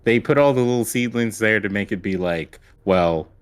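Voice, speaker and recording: A man's voice: fairly low pitch, fairly quick, clear, resonant tone. A man co-hosting a podcast, recapping a show in a rambling, casual way with lots of fillers and acted-out quotes. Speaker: podcast co-host. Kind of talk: casual chat.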